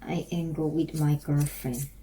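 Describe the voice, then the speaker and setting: A woman with a Korean accent practicing English on her own, haltingly repeating and restarting phrases. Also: sits low, fairly even intonation, warm tone, a little hiss or hum, rough recording. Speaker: language learner practicing English. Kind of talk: self-recorded English practice.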